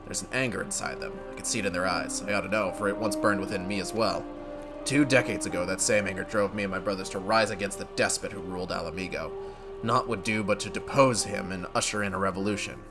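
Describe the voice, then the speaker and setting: A man voicing a weary older male elder, speaking in a grave, measured, old-fashioned way. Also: sits low, over loud music. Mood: solemn. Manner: grave, measured, archaic speech.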